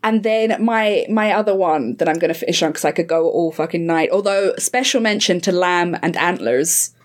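A woman trades film opinions in a relaxed podcast chat. Her voice sits a little low for a woman. She talks bluntly and emphatically, swearing without hesitation. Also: normal speed. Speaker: podcast guest.

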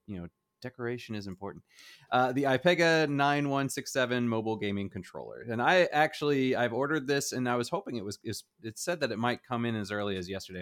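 A middle-aged man co-hosting a casual gaming chat show, rambling and hedging with frequent chuckles. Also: medium pitch. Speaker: podcast co-host.

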